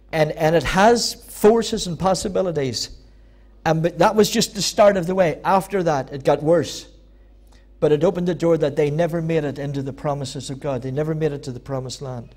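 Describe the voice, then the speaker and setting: Aussie pastor guy preaching, fairly high voice, repeats himself and gets loud. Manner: emphatic, repeating phrases, rising to loud peaks. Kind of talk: sermon.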